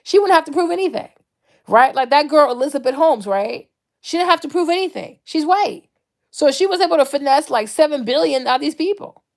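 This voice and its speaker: Gravelly-voiced woman vlogging. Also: sits high, fairly quick. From Ivory Coast. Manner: animated, mocking impressions, frequent "right?". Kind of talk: casual monologue to camera.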